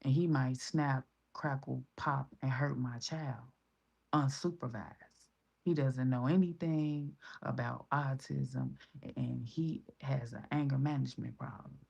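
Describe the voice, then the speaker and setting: A woman's voice: extremely low pitch, measured pace, gravelly, darkish tone, slightly rough, lo-fi sound. A mother in her thirties with a Chicago accent, talking in a casual, blunt, profane vlog and quoting other people in raised voices. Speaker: vlogger.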